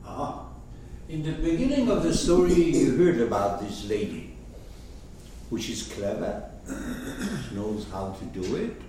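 A man's voice: medium pitch, sing-song, slow pace, long pauses, dark tone, slight background noise. A man teaching, who explains a story to his listeners and keeps checking in with rhetorical questions. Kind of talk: lecture commentary. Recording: echoey room, mic far off.

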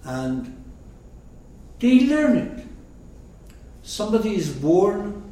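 A man explaining a story in a slow, very lively lecture voice, often checking in with his listeners. He is recorded from a distance in a strongly echoing room, with faint background noise. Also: on the high side. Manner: rhetorical questions, checking in with listeners. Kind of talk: lecture commentary. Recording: echoey room, mic far off.

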